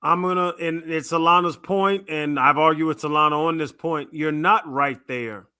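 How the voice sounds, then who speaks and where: A man's voice: fairly high pitch, fairly even intonation, sharp tone, smooth, dry recording, clean studio sound. A man co-hosting a sports radio show, arguing his opinions in a casual debate and rattling off lists of names. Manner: opinionated, lists names in quick runs, argues his point. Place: radio studio. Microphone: studio microphone.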